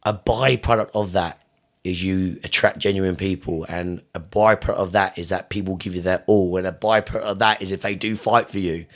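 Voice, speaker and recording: Man, young adult, fight coach, podcast interview, low voice, emphatic, swears a lot, repeats himself. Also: steady tone, fairly quick. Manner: intense and emphatic, heavy swearing, repeats phrases; voice jumps higher and louder when fired up. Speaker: gym owner and Muay Thai coach.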